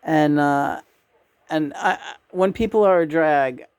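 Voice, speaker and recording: A woman's voice: low-pitched, slow, darkish tone, smooth. A woman vlogger rambling in a casual spiritual monologue, with fillers and frank asides.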